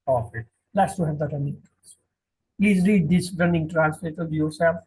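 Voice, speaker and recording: A man teaching a classroom Quran lesson, drilling each word slowly and repeating the meanings. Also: on the high side, darkish tone, poor audio. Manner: slow, repetitive, drilling word by word.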